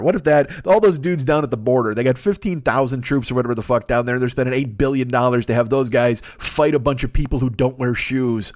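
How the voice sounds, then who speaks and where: Guy hosting a podcast solo, swears a lot, laughs mid-rant, close mic, mid-pitched voice. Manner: animated, swearing, bursts of laughter. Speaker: podcast host. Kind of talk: profane comic monologue.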